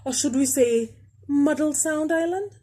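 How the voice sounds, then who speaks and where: A woman's voice: high voice, a little slow, mellow, pitched above the performer's own voice. A woman voicing a sad male island villager in a storybook read-aloud. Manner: mournful.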